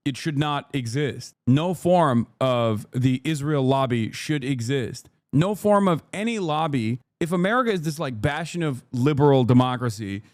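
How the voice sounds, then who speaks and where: A man's voice: medium pitch, lively intonation, normal speed, hardly any pauses, dry recording. A man in his thirties, a streamer, giving blunt, sarcastic commentary on a clip with frequent laughs. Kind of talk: casual commentary.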